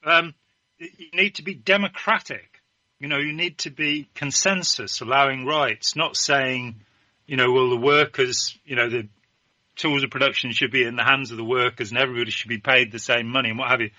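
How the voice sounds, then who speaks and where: A man's voice: mid-range voice, steady tone, a little fast, pushed and bright, no echo, lo-fi sound. A man talking as a guest in a political discussion, emphatic and opinionated.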